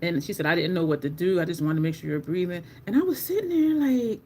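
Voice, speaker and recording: A woman vlogger chatting casually while doing her makeup, telling a story in an animated way, swearing often and jumping to high squeaks when she quotes herself. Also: fast. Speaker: beauty vlogger.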